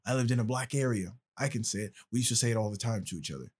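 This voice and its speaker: A man putting on the voice of a defensive young male college student who justifies himself in a high, whiny tone. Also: very fast, darkish tone, slightly rough. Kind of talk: podcast impression.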